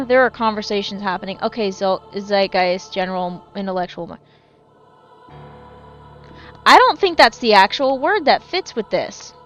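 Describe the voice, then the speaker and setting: A woman's voice: mid-range voice, very animated, moderate pace, a bit bright, lo-fi sound, faint music behind. A woman streaming a game and chatting casually with her viewers, rambling, swearing freely and often correcting herself mid-sentence. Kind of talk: casual live-stream chat while gaming.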